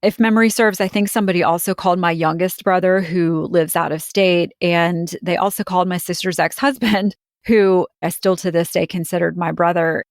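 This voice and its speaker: A woman's voice: lowish voice, fairly even intonation, normal speed, no room sound, clean studio sound. A woman recounting a frightening personal experience in an interview, speaking earnestly and with emotion, often quoting what others said. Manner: earnest, emotional storytelling with quoted dialogue. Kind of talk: conversational personal account.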